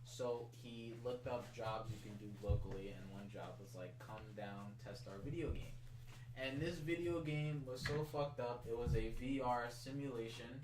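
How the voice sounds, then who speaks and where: A man's voice: medium pitch, moderate pace, hardly any pauses, distant mic, background noise. Rambling man retelling a story, echoey. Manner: rambling, full of "like" and swearing. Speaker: co-host. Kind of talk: casual chat, retelling a story.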